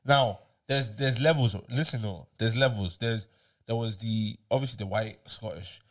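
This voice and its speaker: A man's voice: on the low side, normal speed. A young man from Ireland co-hosting a casual podcast chat. He restarts his sentences often and laughs while he tells stories.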